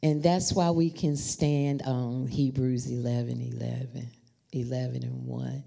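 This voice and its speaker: A woman preaching a storytelling sermon, talking to the congregation in an animated, familiar way. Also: extremely low pitch, measured pace, creaky. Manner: animated, addresses the congregation as y'all.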